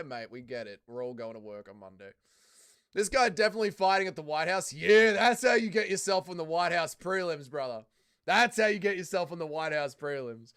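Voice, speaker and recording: A man's voice: a little high, lively intonation, a little fast, fairly bright tone. A young Australian man hosting a casual fight watch-along stream, joking, swearing and answering chat. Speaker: livestream host.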